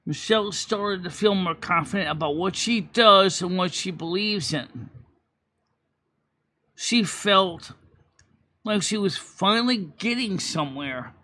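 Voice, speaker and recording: Man, high voice, bright tone, channel host, casual monologue, profane ranting, acts out quoted people. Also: unhurried, long pauses. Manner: animated storyteller, swings from loud outbursts to quiet earnest talk. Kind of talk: casual talking-head monologue.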